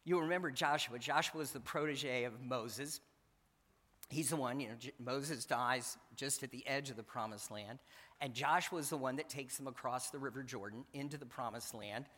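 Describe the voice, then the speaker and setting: Male pastor, mid-pitched voice, emphatic sermon delivery, long church reverb. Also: normal speed, fairly bright tone. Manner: earnest, emphatic, repeats key phrases. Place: church sanctuary.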